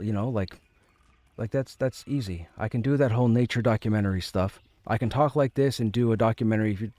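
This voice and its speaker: Streamer, male, lowish mellow voice, easygoing rambling chat, dry close sound. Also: dry recording. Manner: rambling, repeats his phrases. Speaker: game streamer. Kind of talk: casual chat.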